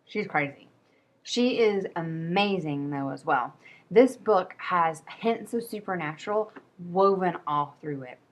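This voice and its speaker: A woman's voice: on the low side, lively intonation, a little slow. A woman hosting a casual book review video, chatty and rambling, poking fun at herself. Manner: chatty, rambling, self-deprecating. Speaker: book vlogger.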